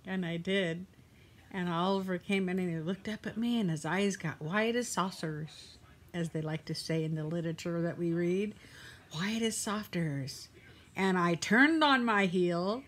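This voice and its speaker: A woman's voice: fairly low pitch, normal speed. An older woman from Southern California, chatting to camera in a rambling, self-mocking way, seated at home. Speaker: vlogger. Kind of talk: casual chat to camera. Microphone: phone or camera.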